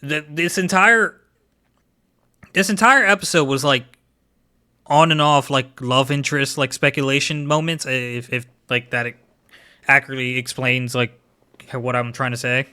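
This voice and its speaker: A man's voice: medium pitch, fairly even intonation, a little slow, long pauses, bright, forceful tone, smooth. A man in casual podcast chat about anime, rambling opinions with lots of filler words. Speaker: podcast co-host.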